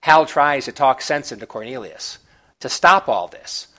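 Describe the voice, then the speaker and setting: A man reviewing comic books, recapping the plot in a relaxed, chatty way with small asides. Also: medium pitch, unhurried.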